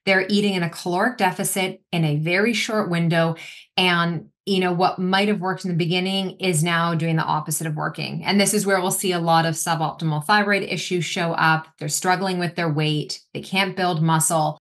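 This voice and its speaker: A woman in her forties, a nutritionist guest on a casual podcast interview, talking with energy and acting out what clients say. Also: on the low side. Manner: energetic, quick, acts out quotes of clients.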